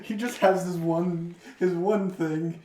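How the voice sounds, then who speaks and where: A woman co-hosting a podcast in casual chat, giggling often and breaking into loud impressions. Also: lowish voice, fairly even intonation, slow pace, far from the mic, background noise. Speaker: podcast co-host. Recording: echoey room, off-mic.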